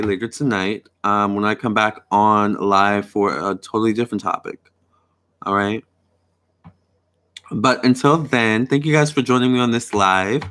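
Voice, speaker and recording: A young man hosts a live tarot and astrology stream, chatting casually with viewers, reading their comments aloud and answering them. He keeps saying "all right" and "you guys." His voice sits lowish with a fairly bright tone.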